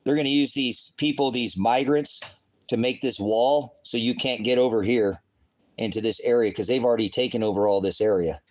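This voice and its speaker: A middle-aged man talks over a screen share like a self-made online preacher. His delivery wanders, circles back with rhetorical questions and flares into cussing, all in a plain mid-pitched voice. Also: normal speed, a little mellow, rough recording. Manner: rambling, rhetorical questions, profane outbursts. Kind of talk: casual livestream commentary.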